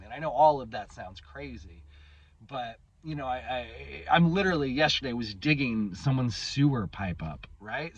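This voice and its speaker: A man's voice: mid-range voice, a bit bright, breathy edge, poor audio. A man in his thirties hosting his own channel, talking through a candid personal monologue, swearing casually and often restarting his sentences. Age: 30s. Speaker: channel host.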